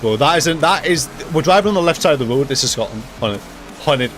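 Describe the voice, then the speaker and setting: A young man streaming a racing game live, joking and talking to himself with excitable reactions. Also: fairly high pitch, fairly quick. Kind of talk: live gaming commentary. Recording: loud game music behind voice. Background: racing game music and engine sounds.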